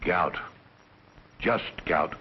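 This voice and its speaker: Theatrical tour guide, lecturing; muffled old film track, light hiss. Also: male voice, sits low, drawn-out words. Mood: pompous. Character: pompous male museum tour guide. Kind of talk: 1940s film acting. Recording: dull old film soundtrack with faint hiss.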